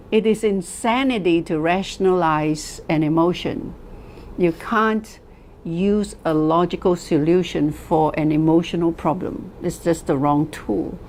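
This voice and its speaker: A woman teaching a class, telling stories slowly and deliberately, asking rhetorical questions and repeating phrases for emphasis. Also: fairly low pitch, a little mellow, a little hiss or hum. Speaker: wellness teacher. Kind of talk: lecture to a class.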